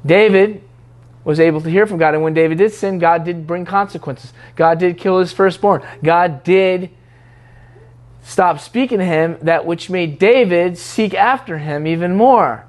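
High-voiced man preaching casually. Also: a little slow. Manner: conversational, teasing, mimics what others say in prayer. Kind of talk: sermon.

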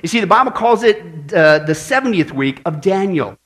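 A man's voice: sits high, animated, normal speed, a bit bright. A man preaching a sermon to a congregation, telling jokes and stories and asking "right?" often. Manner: playful storyteller, asks the crowd "right?". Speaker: pastor.

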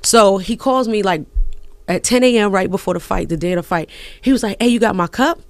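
A woman guesting in a radio studio, telling a story with excitable, profane bursts. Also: mid-range voice, a little fast, no echo. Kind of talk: animated storytelling on a radio show.

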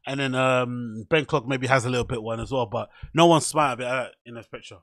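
A man's voice: mid-range voice, steady tone, fairly quick, fairly bright tone, dry recording, clean studio sound. A man with a British accent hosting a casual solo podcast, talking in a joking, self-mocking way with sarcastic asides. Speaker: podcast host.

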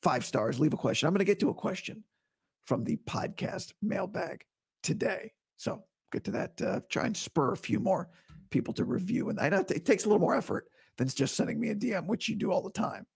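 A man with a hoarse, rough voice, recovering from vocal cord surgery, hosting a casual solo sports podcast in a blunt, opinionated way. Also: sits high, big pitch swings, a little fast. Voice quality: rough, breathy voice dropping into whispers. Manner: blunt, opinionated, talks straight to listeners.

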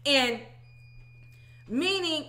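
A woman in her thirties giving an animated, emphatic personal testimony, often asking "okay?". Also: sits high, drawn-out words. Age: 30s. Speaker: religious teacher.

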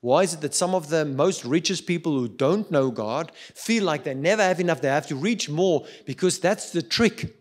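A middle-aged man with a South African accent preaching a sermon, swinging between loud urging and quiet reflection. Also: fairly high pitch, animated, moderate pace, hardly any pauses. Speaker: pastor.

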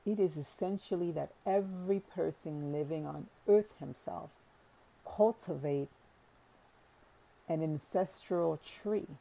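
A woman reading the part of a wise older man who speaks in measured, solemn pronouncements. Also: fairly low pitch, gravelly, dark tone, exaggerated voice, rough recording. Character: thoughtful wise older man, elder brother.

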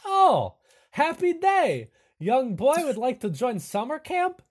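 A man voicing an eager, fussy hunchbacked librarian with a high, excited put-on voice and broken grammar. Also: slow pace, breathy edge, exaggerated voice.

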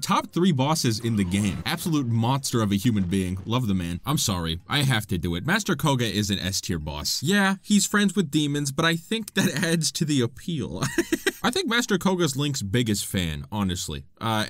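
Man with a wildly swinging pitch. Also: normal speed. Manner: excitable, playful, chats to the monsters on screen. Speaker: gaming YouTuber. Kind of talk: gameplay commentary.

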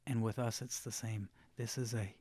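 A man co-hosting a parenting podcast, reacting quickly and then making his points in a softer, reflective way. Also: on the low side, little pitch movement, husky, dry recording. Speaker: podcast co-host. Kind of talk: casual conversation.

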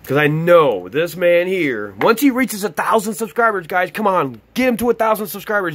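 A man opening fan mail on camera in an excited, gushing, exclamatory vlog chat. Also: sits high, moderate pace, few pauses. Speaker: YouTube vlogger opening mail. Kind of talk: excited casual unboxing chat.

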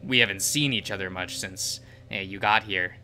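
A man voicing a gruff, annoyed young man in a game, with a curt, sarcastic way of talking. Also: low-pitched, normal speed, bright, forceful tone, a little hiss or hum.

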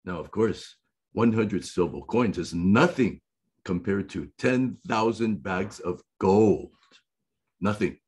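Male preacher, slow and emphatic sermon delivery, husky tone, lively rises and falls in pitch. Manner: slow, deliberate reading with emphatic repetition. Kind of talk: sermon reading and explaining scripture.

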